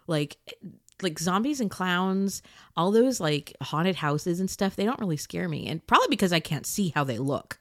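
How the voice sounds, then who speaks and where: A chatty woman tells a story in a casual blog post, her voice swinging widely and expressively in pitch. She laughs often as she talks. The recording is close and dry, with almost no room sound. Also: lively intonation, moderate pace, no room sound. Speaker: audio blogger.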